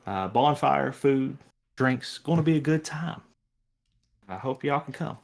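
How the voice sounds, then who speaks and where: An upbeat male college professor rallies his student volunteers, voiced by a man narrating a tabletop game. The voice sits at a middle pitch with a gravelly, creaky edge, and the delivery is casual and friendly. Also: expressive, measured pace. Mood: cheerful announcing. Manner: friendly announcing, casual filler words.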